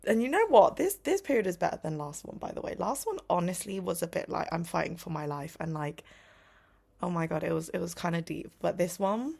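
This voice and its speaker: Chatty young woman with a gravelly low voice. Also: expressive, a little fast, darkish tone. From United Kingdom. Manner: chatty, rambling, often drops to a whisper; many "like" fillers, self-interrupting. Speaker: vlogger. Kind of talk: casual vlog chat.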